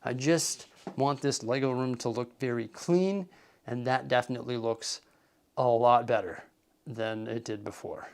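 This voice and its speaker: A man's voice: medium pitch, unhurried. A man hosting a casual hobby vlog from his room, chatty and a bit out of breath, laughing at himself now and then. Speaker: vlog host.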